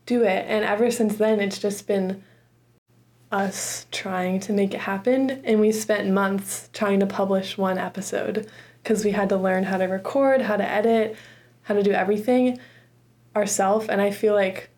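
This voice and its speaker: A woman's voice: mid-range voice, fairly even intonation, moderate pace, darkish tone. A young woman in her twenties, a student podcaster, talking earnestly and casually with many likes and ums. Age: 20s. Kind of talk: casual interview.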